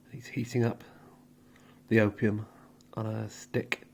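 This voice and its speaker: A man calmly narrating a story in a slow, soft, drawn-out way, with pauses between phrases. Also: fairly low pitch, vocal fry, a little hiss or hum.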